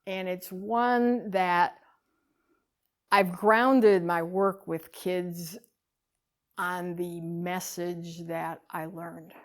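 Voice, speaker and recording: A woman giving a talk, telling a story with animated swings between loud bursts and hushed lines. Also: lowish voice. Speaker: speaker.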